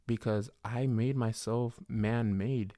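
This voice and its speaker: A young man telling a personal faith story in a casual, rambling way, with many fillers and a soft, reflective delivery. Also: medium pitch, steady tone, takes it slowly, no room sound, clean studio sound. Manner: rambling, full of "you know" and "like". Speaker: vlogger sharing a faith testimony.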